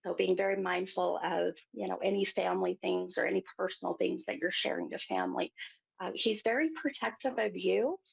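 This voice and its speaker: A woman hosting a psychic show, giving a gentle reading to a caller and calling her hon. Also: fairly low pitch, fairly quick, vocal fry, slightly rough. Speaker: psychic medium host. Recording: muffled lo-fi sound.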